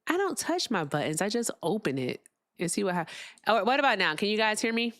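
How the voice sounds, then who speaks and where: A woman's voice: mid-range voice, big pitch swings, a little fast, fairly bright tone, no echo, studio quality. A young woman hosting a casual livestream, chatting with her viewers while she fixes her sound. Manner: chatty, talks to viewers, fiddles with sound settings. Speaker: livestream host.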